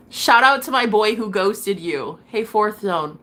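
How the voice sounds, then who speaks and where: A woman's voice: medium pitch, a bit bright. A woman streaming to her viewers, chatting casually as she reads their comments. She is blunt, swears freely and laughs often. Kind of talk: casual livestream chat.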